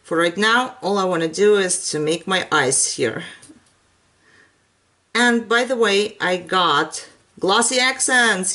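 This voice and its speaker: A woman's voice: medium pitch, slow pace, bright, forceful tone. A woman who speaks English as a second language, chatting casually and laughing often while she demonstrates a craft project. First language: not English. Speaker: craft channel host. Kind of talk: casual crafting tutorial chat.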